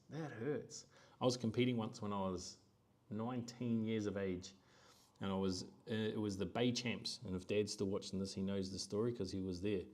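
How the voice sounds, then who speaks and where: Middle-aged New male host, casual animated monologue, acts out others' voices. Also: on the low side. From New Zealand. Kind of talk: live-stream monologue.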